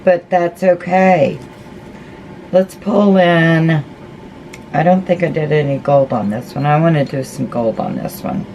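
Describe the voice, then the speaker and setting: A woman's voice: low-pitched, moderate pace, hardly any pauses, dark tone, slight background noise, rough recording. A woman chatting casually through a craft tutorial, folksy and talking to herself as she paints. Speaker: crafting vlogger.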